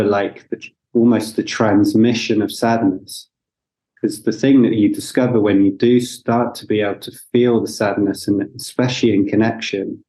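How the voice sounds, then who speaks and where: A male coach as a podcast guest, his voice low and mellow. He speaks reflectively, pausing and restarting as he searches for the right words. His tone stays thoughtful throughout. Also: rough recording. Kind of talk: reflective conversation.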